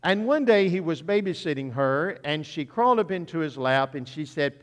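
A man's voice: on the high side, expressive, normal speed, hardly any pauses, long reverb tail. An older man and guest preacher giving a sermon in a church sanctuary, with a folksy, joking storytelling manner.

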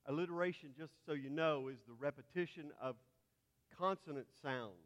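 Lecturing at a moderate pace in a fairly high voice, a Texan man leads a Bible class and spells terms out one letter at a time. The sound carries a long reverb, as if in a hall.

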